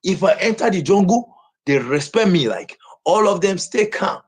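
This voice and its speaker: High, husky man ranting on a livestream. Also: lively intonation, moderate pace. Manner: shouting, repetitive, agitated.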